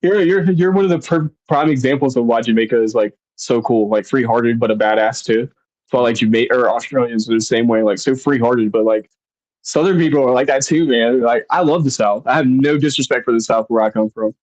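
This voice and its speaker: A man's voice: mid-range voice, fairly quick, darkish tone, no echo, poor audio. Easygoing south carolina guy hosting, chill chatty, dry close sound. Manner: laid-back, easygoing, says man and dude a lot. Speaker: podcast host. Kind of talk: casual chat.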